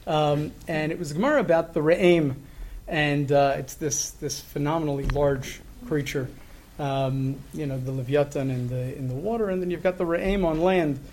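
A middle-aged man telling a story in a conversational way, halting with many fillers and restarts, earnest and reflective. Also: on the high side, a little mellow, a little hiss or hum.

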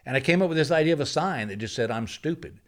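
A man's voice: fairly high pitch, fast. A man from Texas, a stand-up comedian guest telling anecdotes in a studio and acting out the people in his stories. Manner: animated storyteller who acts out the people in his stories. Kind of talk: anecdotal storytelling.

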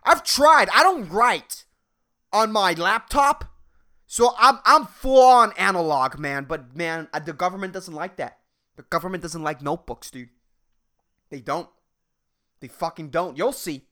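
A young man rambles through a profane comedic rant, his voice swinging up and down with animation. It is bright and forceful in tone, sitting a little high, and he breaks into laughter often. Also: lively intonation, a little slow. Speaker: podcast host.

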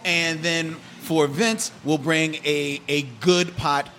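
A male podcast host keeps a chat about films on track with dry, wry remarks. His voice sits slightly high, and a faint hum of room noise runs underneath. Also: fairly even intonation, slow, a bit bright. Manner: steering, wry, wraps things up. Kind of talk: casual podcast film discussion.

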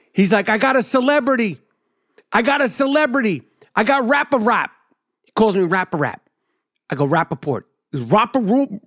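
Profane, animated New man telling a story. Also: no echo, studio quality. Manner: animated, swearing, mimics others in a high excited voice. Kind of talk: profane comic storytelling monologue.

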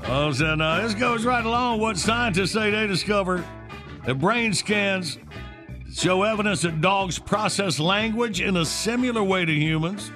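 Laid-back morning radio host. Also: male voice, high-pitched, a little slow, music in the background. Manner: laughing, relaxed, lots of fillers.

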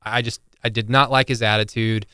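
A man's voice: mid-range voice, steady tone, a little fast, sharp tone, smooth, no room sound. Man, podcast co-host, casual sports talk, rambling, dry close sound. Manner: rambling, many fillers and restarts.

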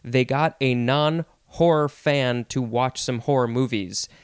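A man hosts a casual podcast interview, easygoing and hesitant, often pausing with fillers. His voice is smooth and resonant, and the recording is dry and close. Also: mid-range voice, dry recording. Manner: relaxed, hesitant, many ums and restarts. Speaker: podcast host.

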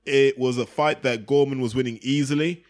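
A man's voice: medium pitch, normal speed. Chatty man talking boxing. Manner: animated, acts out quotes in raised voice. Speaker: boxing podcast co-host. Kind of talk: casual chat.

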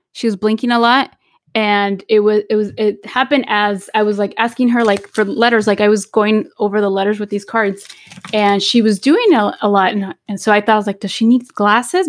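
A woman's voice: mid-range voice, dry recording, studio quality. A woman co-hosting a casual podcast chat, a mother of twin girls who slips Spanish phrases into her English. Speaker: podcast co-host.

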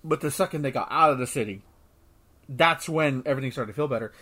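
A man hosting a casual movie review podcast, talking in an excitable, rambling way with frequent swearing and restarts. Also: fairly high pitch, husky. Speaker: podcast host.

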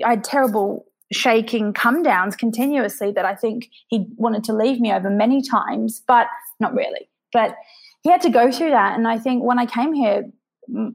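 A woman in a conversational interview, her voice sitting a little high. She speaks candidly and with feeling, pausing and restarting as she reflects. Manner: emotional, reflective, with frequent restarts. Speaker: podcast guest, author.

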